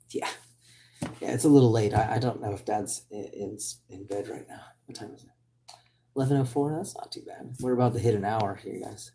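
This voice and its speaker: A man talks casually to his live stream viewers, wandering between thoughts with plenty of pauses and answering comments as they come in. His voice is warm and low-toned, with a breathy huskiness left over from recent hoarseness. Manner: rambling, hesitant, reads out viewer comments. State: voice recovering from hoarseness. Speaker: livestreamer.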